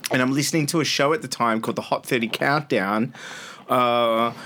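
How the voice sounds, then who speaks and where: A man's voice: mid-range voice, moderate pace, pushed and bright, slight background noise. An Australian man in his thirties, a radio host telling rambling anecdotes as a podcast guest, often laughing mid-sentence. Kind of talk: casual storytelling interview. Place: studio.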